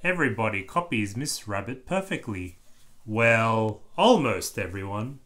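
A man reading a children's book aloud with expressive, animated storytelling. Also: on the low side, a little slow. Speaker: storybook reader.

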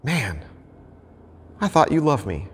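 A man's voice: mid-range voice, very animated, takes it slowly, slightly rough, exaggerated voice. A man voicing a defiant, easily offended guest who refuses a simple request and sulks when turned away, in a long hall reverb. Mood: hurt. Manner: defiant, then hurt and sulky. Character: stubborn, indignant guest who feels slighted.

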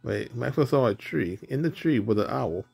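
A man reads a children's picture book aloud in a simple, deliberate manner, now and then stumbling over a word. His voice is gravelly and husky, sitting at an ordinary pitch. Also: lively intonation, darkish tone. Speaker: storybook reader. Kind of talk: children's story read aloud.

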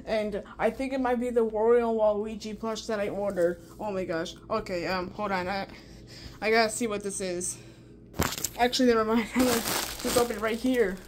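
A woman's voice: mid-range voice, fairly even intonation, normal speed, noisy background. A woman vlogging an unboxing, gushing and repeating exclamations over and over. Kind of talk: excited unboxing chat.

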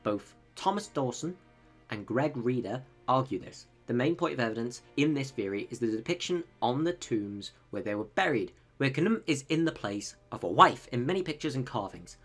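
A man's voice: medium pitch, animated, normal speed, fairly bright tone, faint music behind. A man hosting a video, narrating history with jokey, sarcastic asides. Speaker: video host. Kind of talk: comedic educational narration.

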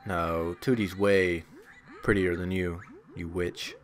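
A man speaks slowly in a low, steady tone while playing a video game. His let's-play talk is casual and crude, full of jokes at the characters' expense and self-deprecating jabs at his own skill.

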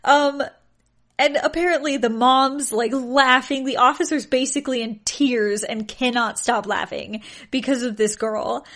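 A woman's voice: a little high, steady tone, moderate pace, fairly bright tone. A young woman hosting a podcast, telling odd stories in a casual chat and often laughing in disbelief. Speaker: podcast host.

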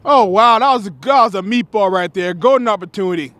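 A man giving play-by-play commentary at a soccer match outdoors, excitable and repetitive, shouting on big plays. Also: high voice, fairly quick, dry recording. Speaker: sports commentator.

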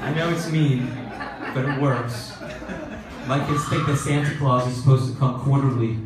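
Deadpan stand-up comic in an echoey club. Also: male voice, mid-range voice, normal speed, very noisy. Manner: deadpan observational delivery with exasperated asides. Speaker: stand-up comedian. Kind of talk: open-mic stand-up comedy. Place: comedy club stage. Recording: echoey club recording from a distance. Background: audience laughter.

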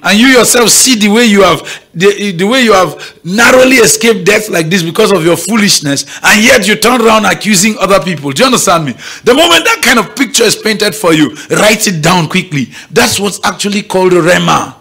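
A man's voice: high-pitched, animated, brisk, hardly any pauses, husky. A man with a Nigerian accent preaching at a morning prayer meeting, emphatic and often asking the congregation if they are following. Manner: bright, emphatic, keeps checking the audience is following. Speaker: pastor. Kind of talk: sermon. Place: church gathering.

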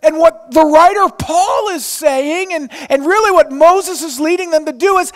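A man preaching a sermon with energy, swinging between loud exclamations and soft, quiet passages. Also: extremely high pitch, moderate pace, few pauses, big-room sound. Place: church auditorium.

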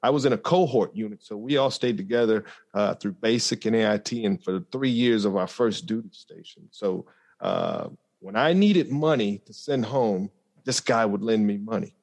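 A man speaking as a podcast guest, telling a personal story in an earnest, reflective way with frequent pauses and fillers. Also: fairly low pitch, darkish tone. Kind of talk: conversational storytelling.

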